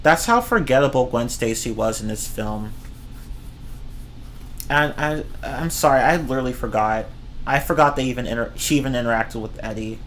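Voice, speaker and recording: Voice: medium pitch, moderate pace, a bit bright, slight background noise. A streamer ranting casually about movies, rambling and swearing, often breaking into laughter. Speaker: streamer reviewing films. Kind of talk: casual rant.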